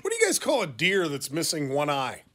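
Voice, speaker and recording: A man's voice: fairly high pitch, huge pitch swings, brisk, sharp tone. A man on a morning radio show reading listener jokes off the text line and chuckling at them. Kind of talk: joke-telling morning radio banter. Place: radio studio. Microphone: studio microphone.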